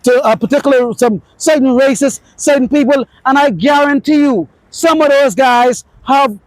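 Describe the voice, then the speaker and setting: Man, very high-pitched, boastful profane ranting, dry close sound. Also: normal speed, dry recording, poor audio. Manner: boastful, profane, loud and emphatic, rambling. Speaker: dating advice vlogger. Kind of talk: unscripted profane rant to camera.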